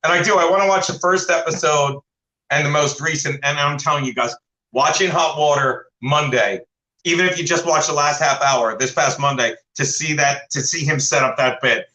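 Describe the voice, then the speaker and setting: On the high side and at a moderate pace, this co-host rambles through stories on a laid-back comedy talk show, animatedly doing voices of the people in them. The room is echoey and the recording rough.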